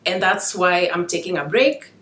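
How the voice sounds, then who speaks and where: A woman giving an informal devotional talk, speaking emotionally and haltingly as she holds back tears. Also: lowish voice, expressive, a bit bright, echoey room. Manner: emotional, halting, with restarts and asides. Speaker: Christian video blogger sharing dreams.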